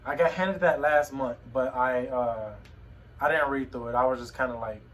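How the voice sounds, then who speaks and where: Emotional young man, halting talk. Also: mid-range voice, fairly bright tone, far from the mic, a little hiss or hum, low-quality recording. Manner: halting, repeats words, emotional. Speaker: vlogger. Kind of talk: personal vlog monologue. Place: home room.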